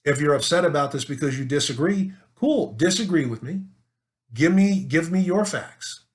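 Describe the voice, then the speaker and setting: A man's voice: fairly high pitch, expressive, normal speed. A man in an opinion monologue, talking emphatically with rhetorical questions and repeated words as he builds his case. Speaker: political commentator.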